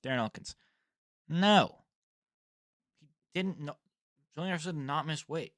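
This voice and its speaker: Bright-voiced, rambling young man. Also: a little high, a little slow, no echo, clean studio sound. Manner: rambling, swears and laughs at himself. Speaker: fight predictions host. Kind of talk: casual solo commentary.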